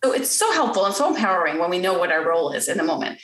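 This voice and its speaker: A woman's voice: lowish voice, very animated, racing, a bit bright, echoey room. A woman guest in a podcast interview, explaining parenting in an earnest, step-by-step way and acting out lines a parent or child might say. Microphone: podcast recording.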